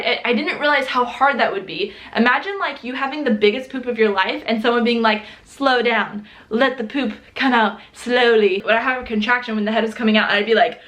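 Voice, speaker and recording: Chatty young woman, higher voice. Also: fairly bright tone. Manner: chatty, laughing often, many "like" fillers. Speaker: vlogger. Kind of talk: casual storytelling to camera.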